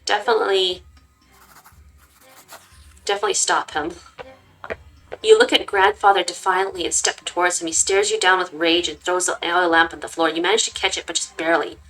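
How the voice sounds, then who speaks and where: A woman reading a text-based game aloud in an expressive way and stopping to make casual remarks. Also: lowish voice, fast talker, hardly any pauses, soft background music, low-quality recording. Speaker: gaming channel host. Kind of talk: reading a visual novel aloud with comments.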